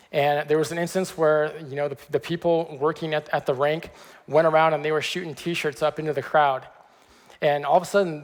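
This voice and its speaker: A man delivering a sermon in a relaxed, conversational manner, often stopping to check in with his listeners. His voice sits a little high for a man. A long church reverb trails behind every phrase. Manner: conversational, frequent "okay" check-ins. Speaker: pastor. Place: church sanctuary.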